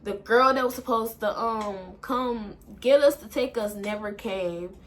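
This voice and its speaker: A young woman telling an emotional story in a halting way, full of fillers and swearing, and fighting back tears. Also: on the high side. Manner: halting, with many fillers and profanity. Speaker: vlogger.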